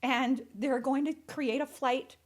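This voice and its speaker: A woman's voice: sits high, steady tone, slow. A woman in her forties hosting a podcast, talking earnestly and emphatically straight to her listeners. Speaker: podcast host. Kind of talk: heartfelt solo podcast monologue. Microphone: studio microphone.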